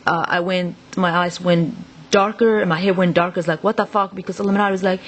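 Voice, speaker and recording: A woman's voice: on the low side, steady tone, fast. A woman talking straight to the camera in a rambling, agitated monologue full of swearing. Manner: profane, rambling, agitated ranting. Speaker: vlogger.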